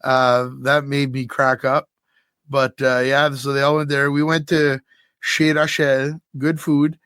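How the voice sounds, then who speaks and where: A man hosting a podcast in casual chat, telling an animated story and laughing often. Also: mid-range voice, a little slow, clean tone, no room sound, clean studio sound. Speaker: podcast host.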